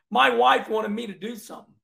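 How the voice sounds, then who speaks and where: Speaking at a moderate pace in a very high, steady, creaky voice with a sharp tone, a middle-aged man gives casual video commentary on a race. He rambles folksily as a racing commentator and keeps restarting what he says.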